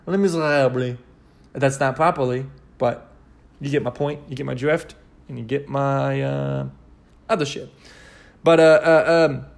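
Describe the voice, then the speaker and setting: A man's voice: fairly high pitch, gravelly. A young man hosting a casual solo podcast, rambling and cursing with many restarts as he rants animatedly. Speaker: podcast host.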